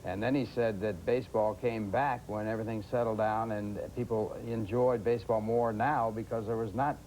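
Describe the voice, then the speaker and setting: Easygoing low-voiced male host. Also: fairly even intonation, darkish tone, slight background noise. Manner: easygoing, halting questions. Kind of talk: casual interview.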